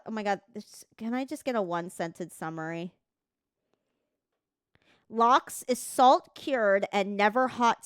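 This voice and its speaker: A woman's voice: medium pitch, smooth, no echo, clean studio sound. A woman streamer chatting casually on a livestream, reading text aloud, swearing freely and stumbling over words as she reads.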